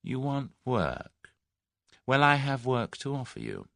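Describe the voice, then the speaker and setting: A man reading an audiobook voices a smooth, scheming middle-aged businessman, speaking in a suave, persuasive, measured way. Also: medium pitch, wildly swooping pitch, fairly bright tone, dry recording, studio quality, pitched above the performer's own voice, exaggerated voice.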